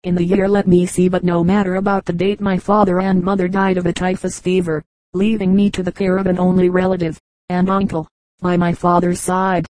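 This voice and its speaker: Flat, low-voiced woman reading aloud. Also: fairly quick, dry recording, rough recording. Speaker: audiobook reader. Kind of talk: reading a comic periodical aloud.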